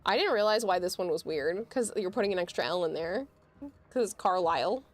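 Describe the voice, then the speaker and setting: A woman's voice: on the low side, lively intonation, fairly quick. A woman, chatting casually on a livestream and explaining with amused laughs.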